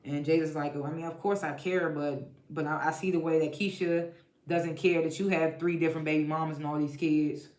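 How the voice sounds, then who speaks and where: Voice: medium pitch, fairly even intonation, a little fast, darkish tone. A TV show reviewer giving a casual episode recap, blunt and profane, laughing often while retelling scenes. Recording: echoey room.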